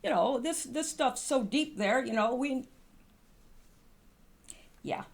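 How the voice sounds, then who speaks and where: A woman with a high voice reads posts aloud and comments on them in a loose, chatty way. She is sarcastic and fires rhetorical questions at people who are not there, with plenty of fillers and trailing asides. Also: expressive, slow, gravelly. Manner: sarcastic, talks back to absent figures with rhetorical questions. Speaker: political commentary vlogger.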